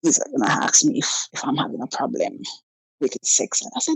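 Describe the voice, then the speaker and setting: A woman's voice: very deep voice, wildly swooping pitch, a little fast, creaky, slightly rough, no echo, low-quality recording. A woman, calling in and telling a personal story in a casual way, acting out both sides of the conversations. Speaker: caller.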